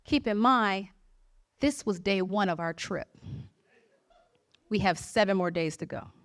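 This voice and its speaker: A woman's voice: mid-range voice, unhurried. A woman stand-up comedian from Michigan telling a brash, profane story and acting out the quotes along the way. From Jackson, Michigan, USA.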